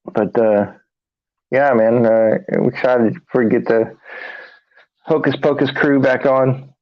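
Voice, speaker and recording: A man co-hosting a live paranormal talk stream, speaking in a halting, tired monotone with many fillers and restarts. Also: mid-range voice, no room sound. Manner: monotone, tired from little sleep. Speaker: paranormal investigator and show co-host. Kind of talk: casual live-stream chat. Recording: dry, dull lo-fi stream audio.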